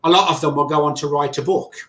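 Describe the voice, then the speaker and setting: A man's voice: on the high side, quick pace. A man with an English accent, a podcast guest, telling his stories animatedly and acting out other people's quotes. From England. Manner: animated storyteller who acts out quotes. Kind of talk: conversational storytelling. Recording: roomy echo.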